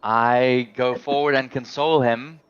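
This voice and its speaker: A man playing a tabletop game, halting and fumbling for words as he describes his character. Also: medium pitch, steady tone, clear, resonant tone, no room sound, highs cut off. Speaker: player. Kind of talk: casual tabletop game play.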